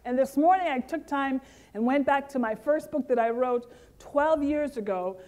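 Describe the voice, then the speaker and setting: A middle-aged Caribbean woman gives a lively, interactive motivational keynote speech, speaking directly to the audience in a high-pitched voice at a moderate pace.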